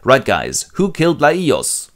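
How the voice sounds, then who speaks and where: A man's voice: mid-range voice, huge pitch swings, takes it slowly, fairly bright tone, voice pushed up, heavily acted. A man voicing a brash young king who blusters and swears. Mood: bossy.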